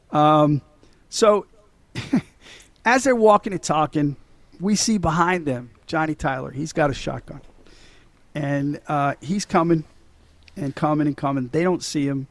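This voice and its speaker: A man's voice: a little high, slow pace, pauses often, no echo. A middle-aged man co-hosting a podcast, retelling movie scenes in a casual, laughing way with frequent swearing. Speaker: podcast co-host. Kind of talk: casual movie-recap chat.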